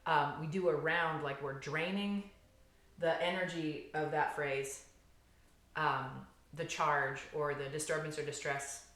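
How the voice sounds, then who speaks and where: A woman therapist guiding a somatic healing exercise, calm and gentle, explaining step by step with frequent fillers. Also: low voice, roomy sound.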